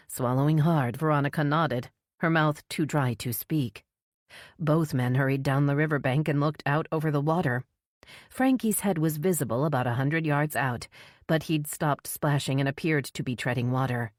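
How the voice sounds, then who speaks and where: A woman's voice: sits low, normal speed, no echo, studio quality. A woman reading a suspense audiobook as narrator, shifting her voice for the characters' dialogue.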